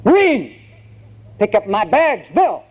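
A man voicing a gruff, mocking male Marine drill sergeant who barks short commands. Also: high voice, huge pitch swings, slow, voice pushed up, exaggerated voice. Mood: barking orders. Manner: barked short commands, raised and loud. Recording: dull lo-fi sermon recording, faint hum.

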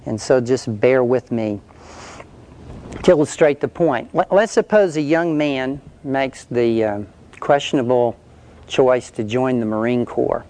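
A man's voice: mid-range voice, unhurried, warm tone. A male preacher telling an illustration story in a conversational sermon, then leading a prayer.

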